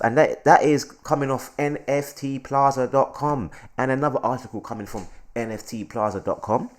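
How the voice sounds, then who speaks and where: A man hosting his crypto channel, excitable and repetitive, always calling out to his viewers in casual hype commentary. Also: fairly low pitch, normal speed.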